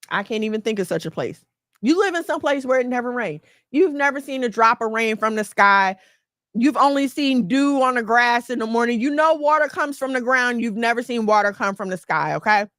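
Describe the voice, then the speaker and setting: Woman host, preachy and emphatic, high voice, dry close sound. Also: moderate pace, dry recording. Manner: emphatic and preachy, lively storytelling. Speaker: podcast host. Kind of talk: casual advice talk.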